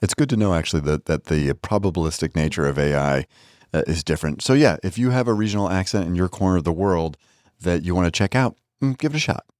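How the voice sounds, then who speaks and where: A man with a very low voice co-hosts a relaxed podcast. He is chatty and jokey and explains stories in long runs. The sound is close and dry, with no room echo. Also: quick pace. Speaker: podcast co-host. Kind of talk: casual podcast chat. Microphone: studio microphone, on camera.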